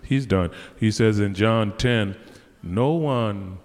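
A man preaching a fervent sermon, swinging between loud exclamations and quiet asides. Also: lowish voice, slow pace. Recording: long hall reverb.

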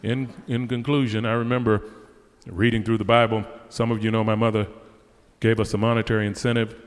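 A man preaching a fervent sermon, swinging between loud exclamations and quiet asides. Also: lowish voice, little pitch movement, brisk. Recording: long hall reverb.

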